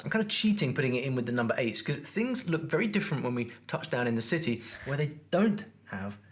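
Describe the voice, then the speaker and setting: A man reads a scripted narration with playful energy. He talks fast and his voice bounces around. The tone is upbeat and teasing. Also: mid-range voice, very animated, fairly bright tone. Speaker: narrator of an accent video.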